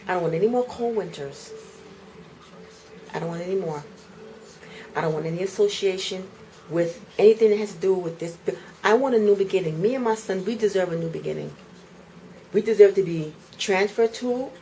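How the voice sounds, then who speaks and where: A woman's voice: fairly low pitch, mellow, a little hiss or hum, low-quality recording. A woman angrily venting on camera in her apartment, repeating herself with heated indignation. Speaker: vlogger. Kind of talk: angry home vlog rant. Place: apartment indoors.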